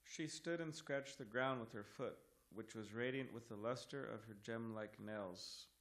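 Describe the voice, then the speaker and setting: A man leading a scripture class in a temple hall, reading verses and commentary aloud in a measured, word-by-word manner. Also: mid-range voice, fairly bright tone.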